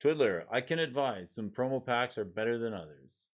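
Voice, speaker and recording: A man's voice: medium pitch, expressive, normal speed, dull audio. A man streaming casually, reading card names and rules aloud and chatting with his viewers. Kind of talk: casual livestream chat while sorting cards.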